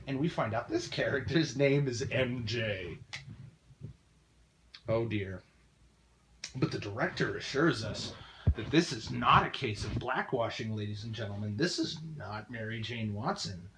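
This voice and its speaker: A man's voice: medium pitch, moderate pace, fairly bright tone, a little hiss or hum. A man giving a casual, profane film review, ranting bluntly with lots of ums and uhs.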